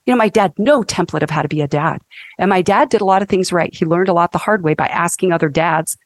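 A woman in her fifties, a counselor and guest, talking in an animated, emphatic teaching way on a faith-based podcast. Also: on the low side, fast, no room sound.

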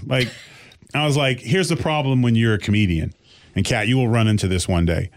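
A middle-aged man, a comedian, telling a story in casual chat and jumping high in pitch when he quotes people. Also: brisk. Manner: animated storyteller, jumps high when quoting others. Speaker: comedian and podcast host.

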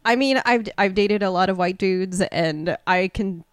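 A woman's voice: medium pitch, a little slow, clear, resonant tone, dry recording. A young woman talking candidly in a casual podcast chat, swearing, laughing and using lots of filler words. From Korean and Chinese heritage. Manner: candid, profane, laughs often, many "like" fillers.

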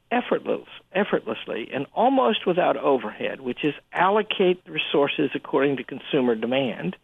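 Gravelly man over a phone line. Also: dry recording. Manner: animated storyteller, lively pitch, frequent restarts. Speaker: guest commentator. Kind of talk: conversational radio discussion. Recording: phone-line quality, dry.

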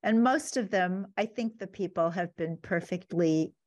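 Slow-talking woman host. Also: fairly low pitch, a little mellow, no room sound. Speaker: podcast host. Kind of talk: casual interview chat. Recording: dry close recording.

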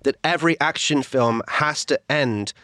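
A man's voice: fairly high pitch, normal speed, sharp tone, no echo, clean studio sound. Wry man in podcast chat. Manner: wry, reads quotes from notes, laughing asides. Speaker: podcast co-host. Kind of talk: casual chat.

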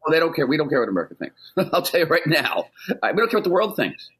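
A man's voice: fairly high pitch, very animated, fast talker, fairly bright tone, breathy edge. A man being interviewed on the radio, speaking urgently and emphatically, often restarting his sentences. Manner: emphatic and insistent, with frequent restarts. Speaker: ambassador, interview guest.

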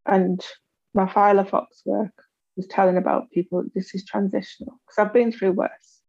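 A woman in her forties, an interview guest candidly telling her life story and acting out the voices of others with big pitch jumps. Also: level tone, moderate pace, vocal fry, darkish tone, slightly rough, no echo, dull audio.

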